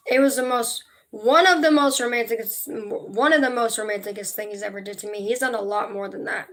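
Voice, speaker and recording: A woman's voice: fairly high pitch, fairly quick, hardly any pauses, fairly bright tone. A young woman talking casually on a livestream, emotional and rambling, swearing freely as she tells a personal story. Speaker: vlogger.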